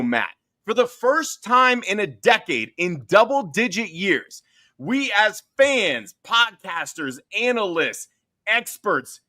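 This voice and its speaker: A man's voice: high-pitched, sing-song, slow pace, sharp tone, dry recording, clean studio sound. A man hosting a podcast, chatting casually and running through playful, teasing rants. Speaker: podcast host.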